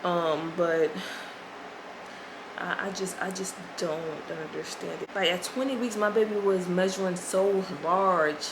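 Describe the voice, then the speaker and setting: A woman's voice: on the low side, fairly even intonation, unhurried, noisy background. Stressed woman venting to her viewers. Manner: talks straight to viewers, often says "y'all"; emotional, frustrated and anxious. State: stressed and overwhelmed. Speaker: pregnancy vlogger. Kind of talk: casual talk to camera.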